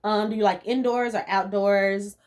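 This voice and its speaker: This is a young rural American woman vlogging in a casual chat, responding to viewer questions with lively energy, frequent laughter, and easygoing slang. Her pitch is medium and she speaks at a normal speed.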